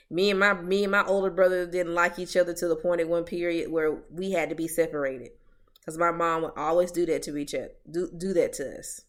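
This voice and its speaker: A young woman with a slightly low voice talks bluntly in a casual podcast chat. She's emphatic and swears freely, and her voice often drops soft before rising into a punchy point. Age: young adult. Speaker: podcast co-host.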